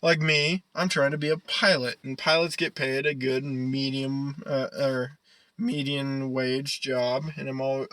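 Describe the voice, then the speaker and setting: A man's voice: medium pitch, fairly bright tone, dry recording, rough recording. A young man co-hosting a podcast in casual chat, rambling, swearing and laughing often. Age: young adult. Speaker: podcast co-host.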